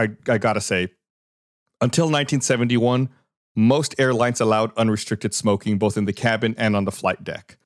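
A middle-aged man hosting a podcast in casual chat, his voice slightly hoarse from a cold. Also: on the low side, no echo, studio quality. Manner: relaxed, lots of fillers and restarts. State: hoarse, recovering lost voice. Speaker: podcast host.

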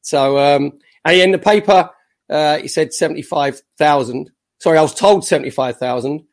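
Cockney ex-pro guest, raised voice, chatty storyteller. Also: male voice, a little high, normal speed. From East London. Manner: chatty, animated anecdotes with acted quotes. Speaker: guest, former footballer. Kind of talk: casual podcast storytelling. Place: his home in the country.

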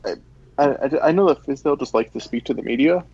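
A man's voice: mid-range voice, quick pace, a little mellow, husky, dry recording. A man co-hosting a casual sports talk show, laid-back and a bit hesitant. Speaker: podcast co-host. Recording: dull lo-fi sound.

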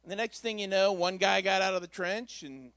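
A man's voice: sits high, fairly even intonation, fairly quick, a bit bright, no room sound. A man preaching a Christmas Eve sermon in a church, telling a story in a folksy, conversational way with asides. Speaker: pastor.

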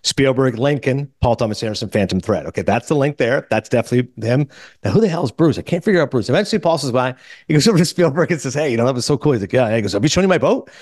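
A man hosting a podcast, telling a story in casual chat and quoting others in quick asides. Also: mid-range voice, lively intonation, a little mellow, dry recording, clean studio sound. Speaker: podcast host.

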